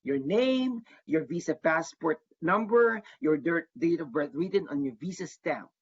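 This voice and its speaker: A man's voice: on the high side, lively intonation, measured pace, slightly rough. Man advising in dull webinar audio. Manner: earnest, repeats key advice for emphasis. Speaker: international student advisor presenting a workshop. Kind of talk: online workshop presentation. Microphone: video call.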